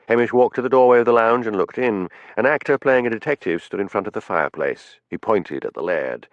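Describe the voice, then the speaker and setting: A man narrating a cozy mystery audiobook with expressive storytelling. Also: fairly low pitch, fairly quick, few pauses, no echo. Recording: dull, muffled studio audio.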